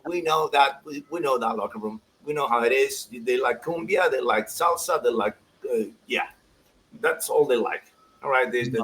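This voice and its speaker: A man co-hosting a soccer show in a casual, animated chat, laughing often and restarting his sentences. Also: medium pitch, normal speed, a little hiss or hum, poor audio.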